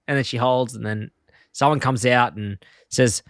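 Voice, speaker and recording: A man of middle pitch co-hosting a podcast, retelling scenes in a loose, chatty way and breaking into laughs as he quotes lines. The sound is dry and close, with no room around it. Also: steady tone, moderate pace, fairly bright tone, dry recording. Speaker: podcast co-host. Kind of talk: casual chat recapping an episode.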